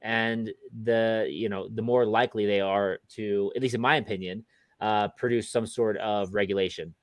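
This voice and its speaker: A man's voice: lowish voice, steady tone, normal speed, no room sound. A man co-hosting a podcast, talking in a casual, hesitant way with many fillers and restarts. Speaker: podcast co-host.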